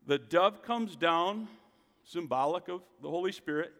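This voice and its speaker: A man's voice: on the high side, expressive, unhurried, a bit bright, long reverb tail. A man preaching a sermon as a pastor, emphatic, asking his listeners rhetorical questions.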